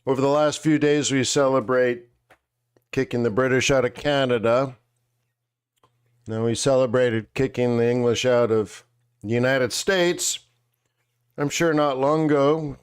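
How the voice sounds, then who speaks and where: A man's voice: mid-range voice, steady tone, a little slow, pauses often, clean tone. A man hosting a live market show, chatting casually and joking, eating and drinking on air. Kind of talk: casual live-stream chat.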